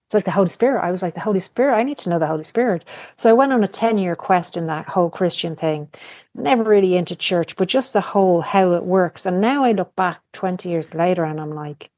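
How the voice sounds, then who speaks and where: Low-voiced woman telling candid stories. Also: fairly quick, darkish tone, no echo. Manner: candid storytelling with casual swearing. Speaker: podcast guest. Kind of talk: casual conversation. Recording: dull lo-fi podcast audio.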